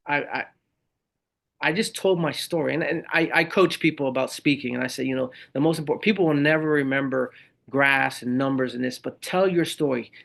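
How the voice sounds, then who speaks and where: A middle-aged man, a Marine veteran and speaker, telling his stories in an animated, conversational way as a podcast guest. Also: medium pitch, creaky. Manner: animated storyteller who acts out the voices of others. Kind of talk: conversational interview storytelling.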